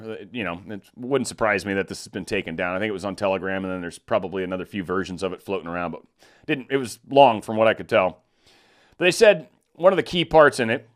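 A man's voice: medium pitch, a bit bright. Blunt rambling man commentator. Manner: blunt, rambling, with frequent restarts. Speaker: political commentary host. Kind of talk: casual unscripted commentary.

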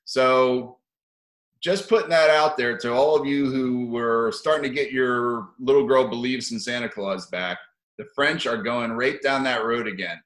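A man's voice: medium pitch, unhurried, a bit bright, roomy sound, poor audio. A man giving rambling, profane opinion commentary for his video channel, sardonic and given to chuckling asides.

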